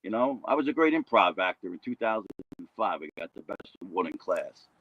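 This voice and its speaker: A man's voice: sits low, very animated, a little fast, dry recording, muffled recording. A man rambling through a casual livestream chat, often tagging on "you know what I mean".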